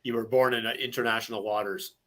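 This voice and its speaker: A man's voice: mid-range voice, flat delivery, fast talker, a bit bright. A man co-hosting a pop culture podcast, chatting in a dry, laid-back way. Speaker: podcast co-host. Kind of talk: casual chat.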